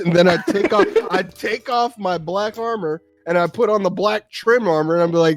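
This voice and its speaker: A man co-hosting a casual gaming chat, telling animated stories and acting out the voices in them. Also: sits high, moderate pace, few pauses, dry recording. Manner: animated storyteller, acts out his younger self. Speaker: podcast co-host.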